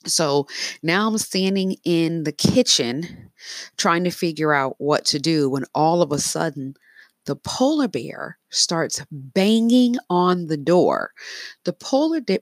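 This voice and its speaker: A woman's voice: low-pitched, animated, slow, dry recording. A woman casually narrating her dreams, rambling with fillers and restarts. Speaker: storyteller.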